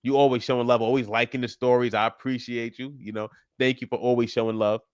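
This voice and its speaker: A man's voice: medium pitch, little pitch movement, fast talker, clear, resonant tone, no echo, clean studio sound. A young man hosting a live stream as a fitness coach, chatting casually and encouraging callers, laughing often. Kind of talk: casual livestream chat.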